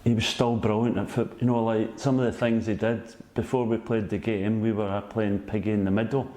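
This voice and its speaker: Scottish guy in his 60s rambling through old stories, low mellow voice, roomy echo. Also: level tone, a little fast. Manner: rambling, keeps saying "you know what I mean". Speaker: guest, former footballer. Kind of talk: casual anecdote telling.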